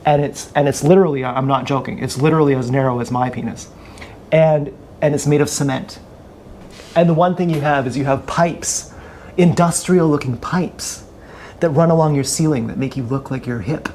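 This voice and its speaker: A man's voice: mid-range voice, moderate pace, mellow, slight background noise. A man streaming live, talking in a rambling comic monologue full of restarts and asides. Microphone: action camera.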